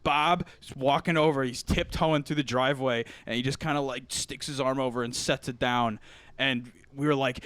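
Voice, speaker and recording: This young man, co-hosting a podcast, has a smooth, medium-pitched voice at normal speed with no room sound. He's a lively storyteller who mimics the quoted people in his tale and laughs a lot during the casual chat.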